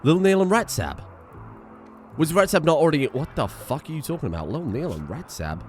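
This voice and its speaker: A man with a fairly high, very lively voice, commentating on his own gameplay in bursts of exasperation and cursing. He keeps talking to the little characters on screen as he plays. Soft music runs underneath. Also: brisk. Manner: animated, exasperated, swears often, talks to game characters. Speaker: gaming video creator. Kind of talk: let's-play game commentary.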